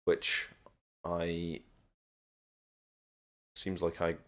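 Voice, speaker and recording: A Scottish man hosting a casual live stream, answering viewer questions in a relaxed way with frequent pauses and restarts. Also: sits low. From Scotland. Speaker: live stream host teaching English and learning Korean.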